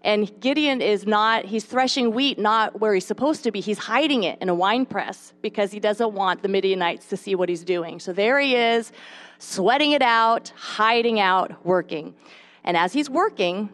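A young adult woman teaching a devotional Bible lesson to mothers, expressive, with playful asides. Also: medium pitch, moderate pace. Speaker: speaker at a mothers' Bible study.

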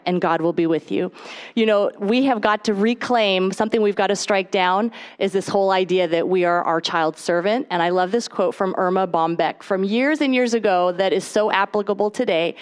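A woman in her thirties giving a lively faith-based talk to a mothers' group, acting out the voices of the people in her stories. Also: medium pitch, normal speed, clear, resonant tone. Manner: animated storytelling, acts out quoted voices.

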